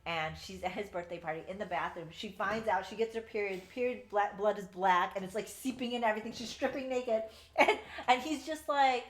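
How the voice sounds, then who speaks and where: A woman's voice: medium pitch, fairly even intonation, fairly quick. Woman podcast host ranting about a book, swears a lot, acts out lines, echoey room. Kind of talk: casual book review chat.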